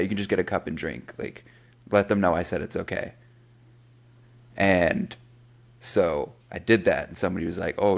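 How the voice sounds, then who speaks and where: A man from South Florida, a podcast co-host, telling a profane, animated story and acting out what people said. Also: on the low side, gravelly. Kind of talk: casual chat.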